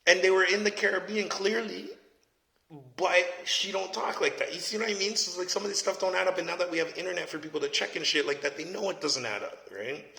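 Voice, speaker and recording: A man's voice: high-pitched, quick pace, gravelly, bright, forceful tone. A man, giving a blunt, profane, casual opinion rant and often asking "you know what I mean?". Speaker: commentator. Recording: echoey space with long reverb.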